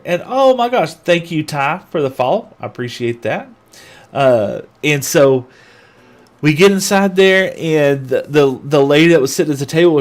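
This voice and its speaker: Chatty male streamer telling a story. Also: medium pitch. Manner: chatty, animated storyteller who talks to chat. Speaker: gaming livestreamer. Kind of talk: casual chat and storytelling while gaming.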